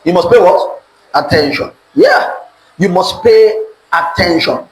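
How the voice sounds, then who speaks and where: Nigerian guy preaching to a crowd, kinda high voice, makes them say words back, echoey room w/ a little hiss. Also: expressive, slow pace. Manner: call-and-response, asks audience to repeat words. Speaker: preacher teaching on relationships. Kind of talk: sermon-style teaching to a live audience. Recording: echoey room with faint background noise.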